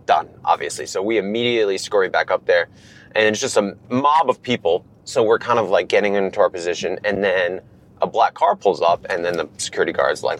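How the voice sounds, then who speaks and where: A man in his thirties, animated, telling a long story in casual chat from a car and acting out the lines of others. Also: low voice, fairly quick. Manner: animated, acts out quotes from others. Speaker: guest.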